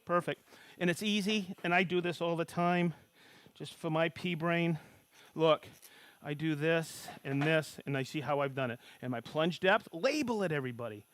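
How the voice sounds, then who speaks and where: Demonstrating woodworking tools live, this man is excitable and folksy, frequently asking "okay?" and shouting hellos to viewers. His voice sits a little high and moves at a normal speed.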